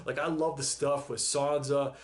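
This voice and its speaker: A man's voice: medium pitch, level tone, normal speed. A man hosting a reaction video, talking in a casual, rambling way while still emotional after crying, with frequent sighs and laughs. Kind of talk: casual chat.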